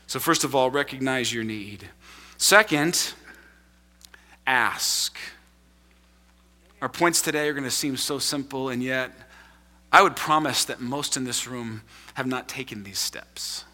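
A man preaching a sermon to a congregation in a large room, animated and emphatic. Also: on the high side, a little slow, in a large hall. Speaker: pastor.

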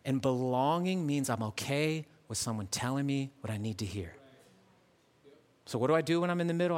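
A man's voice: mid-range voice, brisk. A man preaching a sermon as a pastor, talking casually and building to impassioned emphasis. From Southern California.

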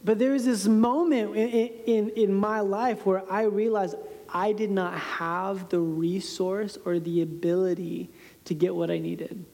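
A man's voice: high-pitched, fairly even intonation, a little slow, creaky, mellow. A man in his thirties giving a storytelling sermon as a pastor, conversational and self-deprecating, often laughing at himself. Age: 30s. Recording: reverberant hall sound.

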